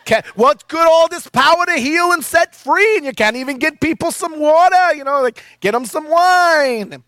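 A man's voice: very high-pitched, animated, normal speed, pushed and bright, no room sound, voice pushed up, full character voice. A man voicing an exasperated middle-aged mother who scolds her son with whiny, sighing complaints. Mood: nagging. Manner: whiny, scolding, with heavy sighs.

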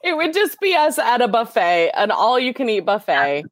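A woman's voice: on the high side, moderate pace, dry recording, studio quality. Giggly woman voice actor on a panel. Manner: giggly, animated storyteller. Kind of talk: casual panel chat.

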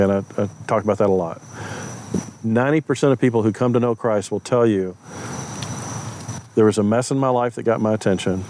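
Over a faint hiss or hum, a man with a fairly low, darkish voice relates an anecdote about faith; he may be a pastor. Ums and uhs come often as he performs the dialogue of people he encountered in relaxed, conversational storytelling.

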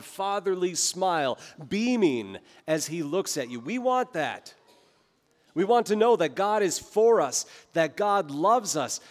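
A man's voice: fairly high pitch, long reverb tail. A male pastor preaching a sermon with earnest, emphatic rises. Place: large church sanctuary.

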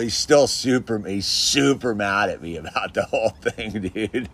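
A man's voice: medium pitch, moderate pace, hardly any pauses, fairly bright tone. A man casually telling an anecdote, chatty, laughing often and full of filler words. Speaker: storyteller.

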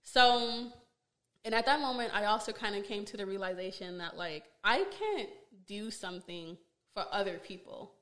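A woman podcast host telling a personal story in a casual, animated way, exasperated and full of fillers. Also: mid-range voice, moderate pace.

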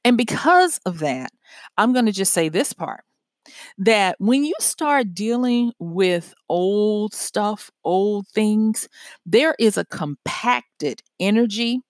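Animated woman giving a pep talk. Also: mid-range voice, slow, no echo, studio quality. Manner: animated, self-correcting, laughs at herself. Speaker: writer giving self-help talk. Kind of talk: casual motivational monologue.

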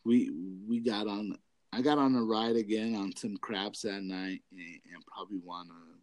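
A man's voice: fairly low pitch, fairly even intonation, moderate pace, darkish tone, no room sound. A young adult man rambling through a profane story in casual chat, laughing often.

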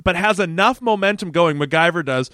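A man's voice: sits high, brisk, bright, forceful tone, dry recording, clean studio sound. A man co-hosting a podcast, chatting casually and gushing with laughing, swearing enthusiasm as he recaps an episode. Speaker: podcast co-host.

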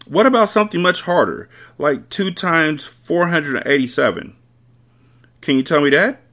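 Male reader doing a soft-spoken young teacher, lifted pitch and lively, coaxing questions. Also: normal speed. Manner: gentle, encouraging, amazed questioning. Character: kind young female schoolteacher.

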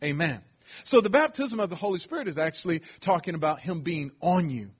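A male pastor delivers a sermon in a high, husky voice, calling out to his congregation as he teaches. The recording sounds a little dull and lo-fi. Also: lively intonation, brisk. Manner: preaching with call-outs to the congregation.

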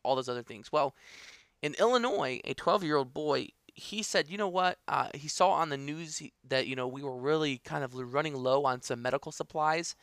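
A man's voice: on the high side, normal speed, fairly bright tone, smooth, no echo, studio quality. A man co-hosting a casual podcast, presenting news stories with enthusiasm and plenty of filler words. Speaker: podcast co-host.

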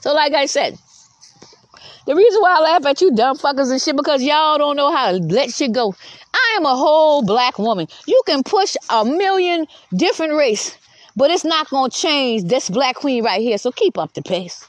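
Woman in her fifties, high voice, defiant profane voice-message rant, dry close sound. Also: animated, normal speed, no room sound. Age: 50s. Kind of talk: ranting voice message.

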